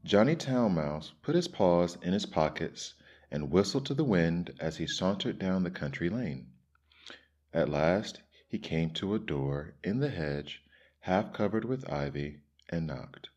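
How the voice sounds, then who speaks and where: A male storyteller reads children's tales in a very low, dark voice at an unhurried pace. He narrates gently and expressively. The recording has a dull, lo-fi sound. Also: animated. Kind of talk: storybook reading.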